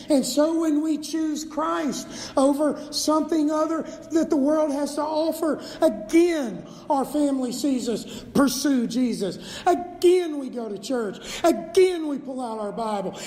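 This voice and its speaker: A man's voice: extremely high pitch, mellow. A man preaching a sermon in a church sanctuary, fervent and emphatic, driving points home by repetition. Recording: long reverb of a large hall.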